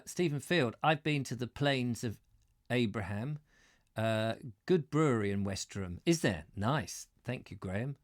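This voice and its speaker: Male live-stream host, mid pitch, dry close sound, reads and muses chattily between viewer comments. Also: dry recording. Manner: chatty, muses aloud over viewer comments, stumbles on names. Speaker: host reading a book live and answering comments. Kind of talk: live-stream reading and casual chat with viewers.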